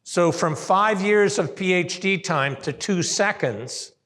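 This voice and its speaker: A man from Canada delivers a conference keynote at a slow, deliberate pace. His voice sits slightly high, and he draws the audience in with questions. The sound carries the long reverb of a big hotel hall. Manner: lively, asks the audience questions. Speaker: keynote speaker.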